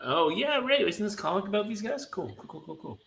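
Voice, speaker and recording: A man's voice: sits high, brisk, creaky. A man hosting a casual comic book read-through, joking and reading character lines. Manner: jokey, lively, plays characters as he reads.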